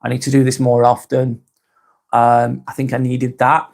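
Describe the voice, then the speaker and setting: A man hosting a casual live stream, talking softly and unhurriedly, apologising often and reading out viewer comments. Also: mid-range voice, completely flat delivery, gravelly. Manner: soft, unhurried, apologetic, with frequent ums and restarts.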